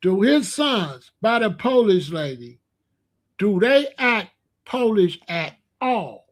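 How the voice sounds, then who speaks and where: Man, high voice, blunt repetitive livestream talk, middle-aged. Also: very animated, slow pace. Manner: blunt, repetitive, asks the chat questions. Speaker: livestream host. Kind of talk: casual livestream monologue.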